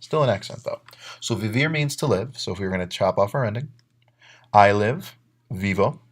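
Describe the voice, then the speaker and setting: A deep-voiced man narrates a recorded grammar lesson as a Spanish teacher. He moves methodically through verb endings, spelling out letters and pairing each example with its translation. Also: expressive, moderate pace.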